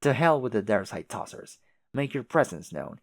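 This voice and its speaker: A man's voice: on the low side, very animated, normal speed, no room sound. A man voicing a fussy, long-winded advisor who speaks in a put-on British manner, formal and wordy. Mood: rousing. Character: prim, verbose troll advisor putting on a British manner.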